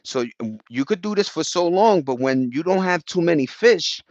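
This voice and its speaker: Man, casual live chat, slangy, profane, rambling, slightly high voice, dry muffled audio. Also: lively intonation, normal speed, no room sound. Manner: loose, profane, slangy and rambling, with frequent restarts. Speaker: livestreamer chatting with viewers. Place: outdoors.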